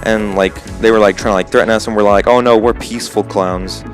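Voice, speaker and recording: A man's voice: lowish voice, fairly even intonation, a little fast, faint music behind. A teenage boy and gaming channel host telling a story casually, rambling with lots of fillers. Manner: rambling, full of "like" and "um".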